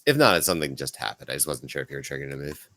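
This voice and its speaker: Very deep-voiced game master. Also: male voice, expressive, fairly bright tone, no echo. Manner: checks in with players, quick clarifying questions. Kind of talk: running a tabletop game.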